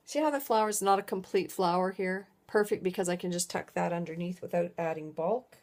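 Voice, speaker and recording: A woman's voice: lowish voice, a little fast, darkish tone. Chatty middle-aged woman rambling over crafts. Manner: chatty, rambling, self-interrupting. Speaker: craft video host. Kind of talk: casual craft tutorial chat. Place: home craft room.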